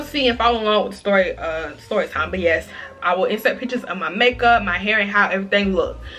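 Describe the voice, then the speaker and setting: A young woman chatting through a casual storytime vlog, dramatic and expressive, often calling her viewers y'all. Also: medium pitch. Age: young adult. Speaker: vlogger.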